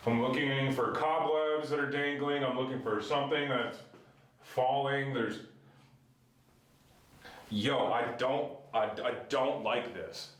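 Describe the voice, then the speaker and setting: A man investigating a haunted sanatorium basement, talking in a hushed, cautious way and calling out to spirits. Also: medium pitch, steady tone, slow. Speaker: paranormal investigator. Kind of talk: ghost-hunting narration. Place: basement treatment room of an old sanatorium. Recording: echoey room with noise.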